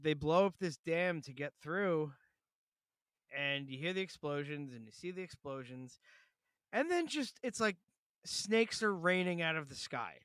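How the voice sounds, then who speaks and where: A man's voice: on the high side, lively intonation, a little slow, fairly bright tone, clean tone, no echo. Dry-voiced man retelling a movie, laughing. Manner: swears freely, laughs often, mocks movie lines. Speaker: podcast co-host. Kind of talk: casual chat.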